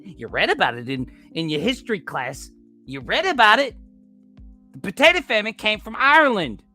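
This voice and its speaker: An American man on a livestream, ranting hard and cursing freely. His voice is bright and forceful and swings widely up and down as he repeats points and argues with his viewers. Faint music plays behind him. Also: high voice. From United States. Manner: ranting, profane, repeats himself, argues with chat. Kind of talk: heated casual rant.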